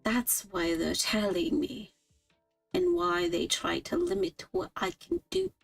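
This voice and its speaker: A woman voicing a gentle, protective young man in an improvised role-play, speaking softly with light teasing. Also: a little high, big pitch swings, takes it slowly, creaky, breathy edge, faint music behind, pitched above the performer's own voice, full character voice. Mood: earnest. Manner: soft-spoken, half-mumbling, light teasing.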